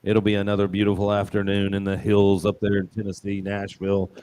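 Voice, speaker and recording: A man's voice: fairly low pitch, monotone, brisk, mellow, slight background noise. A man co-hosting a casual football picks show, joking and rambling with punchy asides. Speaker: show co-host. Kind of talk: casual sports betting chat.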